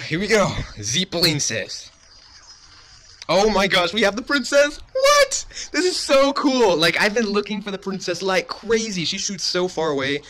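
A man's voice: fairly high pitch, sharp tone. A young man giving gushing, overexcited commentary while playing a mobile game. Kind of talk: excited gameplay commentary.

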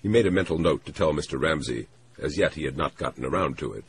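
A man reading a novel aloud in a measured, expressive storytelling manner. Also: extremely low pitch, slight background noise, poor audio. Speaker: reader.

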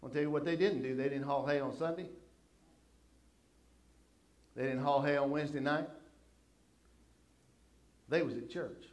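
An older man preaches, a slightly high voice and a folksy, chatty way of telling stories. He talks to the congregation as if to old friends. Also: fairly even intonation, normal speed, pauses often. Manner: folksy, conversational storytelling. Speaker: pastor. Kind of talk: sermon storytelling.

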